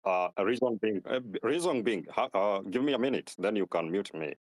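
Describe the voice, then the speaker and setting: A man from Kenya calling into a live online audio room, arguing in a halting way and repeating his words. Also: lowish voice, expressive, dry recording. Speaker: caller.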